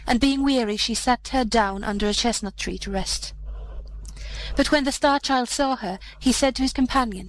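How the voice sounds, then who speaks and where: A woman reading an old fairy tale aloud as narrator, with measured, old-fashioned storytelling. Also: a little high, low-quality recording.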